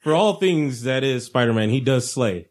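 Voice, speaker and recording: A man's voice: mid-range voice, expressive, normal speed. Laid-back male podcast co-host. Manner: laid-back, laughs often, quips. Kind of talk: casual podcast banter.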